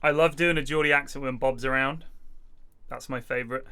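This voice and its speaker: A young English man telling a story casually to friends, with lively voices put on for the people he quotes. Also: mid-range voice, a little fast, clean tone. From England. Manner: animated, acts out voices and sirens in his stories. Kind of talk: casual anecdote with mimicry.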